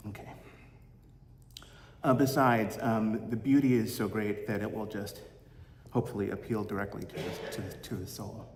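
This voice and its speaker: A man giving a Sunday reflection as minister, gentle and halting, fond of corny puns. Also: fairly low pitch, steady tone, a little hiss or hum. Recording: roomy echo with long hall reverb, faint ambience.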